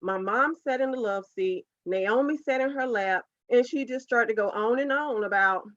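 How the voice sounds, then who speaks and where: Her voice on the high side and a bit bright, a woman from South Carolina, USA, speaks at normal speed as she gives an earnest, heartfelt faith testimony as a podcast guest. The audio is dry, dull lo-fi.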